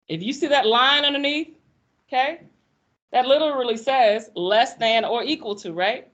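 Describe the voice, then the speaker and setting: A woman teaching math in a classroom, lively and folksy, teasing her students as she explains. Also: fairly high pitch, a little slow, long pauses, highs cut off. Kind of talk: classroom lecture.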